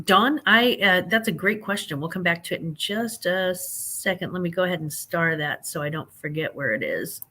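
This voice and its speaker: A woman's voice: fairly low pitch, fairly bright tone. A woman, hosting a casual live chat and greeting viewers by name in a chatty, folksy way. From American Midwest. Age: 50s. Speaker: livestream host.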